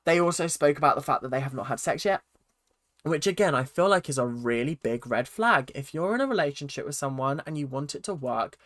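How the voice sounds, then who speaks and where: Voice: mid-range voice, lively intonation, fairly quick, fairly bright tone, no room sound, clean studio sound. A speaker giving a casual, chatty recap of a reality TV episode and acting out quotes in silly voices. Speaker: reality TV reaction vlogger.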